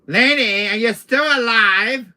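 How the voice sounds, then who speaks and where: A flirty, pestering woman who calls everyone honey, as a man puts her on. She coos in a high falsetto that swoops far up, bright and clingy. It's a comedy skit with a faint hiss behind. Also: wildly swooping pitch, measured pace, exaggerated voice. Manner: cooing, falsetto.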